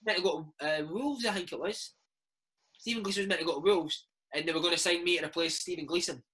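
A Scottish man in his thirties spins football stories at a rapid clip, tossing in "mate" and "eh" constantly. His voice sits fairly high, with a bright, slightly husky edge. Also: low-quality recording. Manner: chatty, peppers speech with "mate" and "eh". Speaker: former footballer, guest. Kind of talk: casual storytelling interview.

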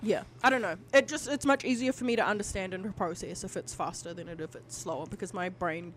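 A woman's voice: mid-range voice, fast talker, a little hiss or hum. A woman co-hosting a casual podcast, rambling, swearing freely and using lots of fillers. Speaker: podcast co-host.

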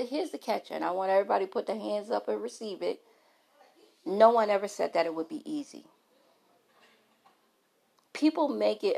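A woman's voice: medium pitch, vocal fry, darkish tone. A middle-aged woman vlogger talking frankly and emphatically to her followers, often restarting her sentences. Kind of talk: candid talk to camera.

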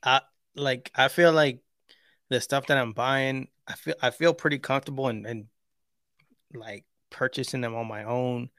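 A man's voice: mid-range voice, fairly even intonation, normal speed, a bit bright, dry recording, clean studio sound. A man co-hosting a podcast in casual chat, teasing and laughing easily. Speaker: podcast co-host.

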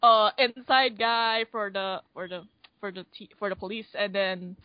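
A woman's voice: medium pitch, normal speed, no room sound, dull audio. A woman co-hosting a casual movie podcast, rambling with many restarts. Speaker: podcast co-host.

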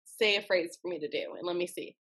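A woman's voice: on the low side, fast, fairly bright tone, breathy edge. A woman co-hosting a casual chat, playful and giggly, who pokes fun at herself. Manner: playful, giggly, self-mocking. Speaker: co-host.

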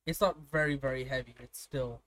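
A man's voice: medium pitch, a little fast, a bit bright. A young man from India chatting casually, swearing freely and telling stories with laughter. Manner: profane, storytelling, laughs often. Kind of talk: casual chat.

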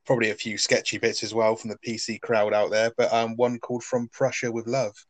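On a podcast, a male co-host recaps a sitcom episode in casual chat, rambling, filling his speech with fillers, and laughing often. His voice is lowish with little pitch movement and a slightly fast pace, recorded without echo.

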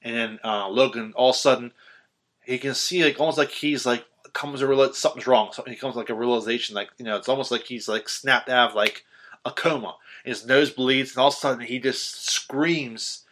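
A man's voice: mid-range voice, steady tone, fairly quick, fairly bright tone. A young man in a casual chat about a film, rambling with lots of fillers and swearing freely. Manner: rambling, profane, many fillers.

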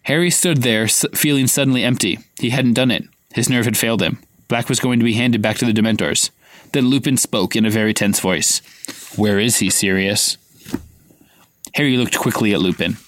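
A man reads a novel aloud for a podcast, acting out the dialogue lightly at a middle pitch. The sound is dry and close, with no room around it. His delivery stays relaxed and conversational. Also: brisk, no room sound. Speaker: podcast co-host reading aloud. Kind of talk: casual read-aloud of a novel with banter.

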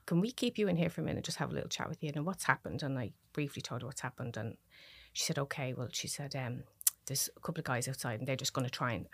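Low-voiced Irish woman telling her story. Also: no room sound. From Dublin, Ireland. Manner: emotional, halting recollection. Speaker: podcast guest. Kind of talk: personal storytelling.

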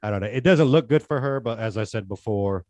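A man's voice: lowish voice, a little fast, a little mellow, dry recording. A man co-hosting a casual podcast chat, talking in long earnest rambles that trail off and restart. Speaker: podcast co-host.

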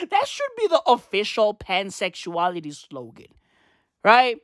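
A man's voice: high voice, wildly swooping pitch, a little slow, fairly bright tone, no room sound, studio quality. A man in a profane, rambling comedic rant who repeats his phrases and swears constantly. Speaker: vlogger.

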